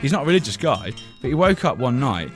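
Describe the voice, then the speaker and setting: Faint music plays behind a radio host with a mid-range voice who runs a comedy talk show. His storytelling is animated and broken up by quick laughs as he acts out different characters' voices.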